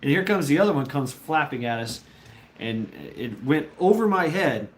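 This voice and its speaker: A man's voice: on the high side, expressive, normal speed. Rambling, foul-mouthed male streamer. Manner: rambling, profane, laughs often, talks to chat. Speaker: livestreamer chatting with viewers. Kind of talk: casual storytelling.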